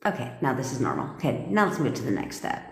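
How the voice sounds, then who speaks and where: A woman's voice: a bass voice, huge pitch swings, fast. A woman manifestation coach in casual live-stream chat, profane and chatty, often laughing. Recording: echoey room with long reverb.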